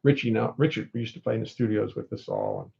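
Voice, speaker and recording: A man's voice: fairly low pitch, huge pitch swings, fast talker, gravelly, a little mellow. An older man hosting a home livestream, chatting casually and wryly reading out viewer comments. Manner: rambling, wry, reads viewer comments aloud. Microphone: computer audio input. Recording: dull lo-fi livestream audio.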